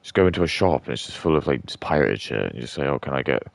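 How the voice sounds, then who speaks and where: Male gaming streamer, extremely low and gravelly, rambling, crude, dry close sound. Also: very animated, very fast, no room sound. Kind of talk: casual commentary while gaming.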